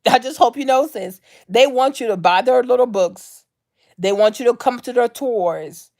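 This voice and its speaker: A woman's voice: fairly high pitch, normal speed, darkish tone. A woman hosting her own vlog, ranting off the cuff in a blunt, profane, slangy way and repeating her points for emphasis. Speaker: vlog host. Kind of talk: unscripted commentary rant.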